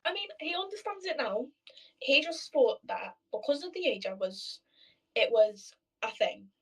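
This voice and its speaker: Girl on a video call, bit high voiced, sounds kinda far off the mic, swears a lot telling stories. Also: expressive, measured pace, a bit bright, husky. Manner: chatty storyteller, swears freely, acts out quoted voices. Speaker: chat partner on a video chat. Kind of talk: casual chat.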